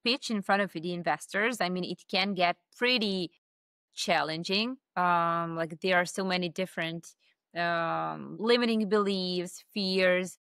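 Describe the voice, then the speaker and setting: A woman's voice: lowish voice, unhurried, a bit bright, smooth, no room sound, clean studio sound. A woman hosting an interview, encouraging and chatty, with many fillers. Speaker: interview host. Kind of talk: casual interview talk.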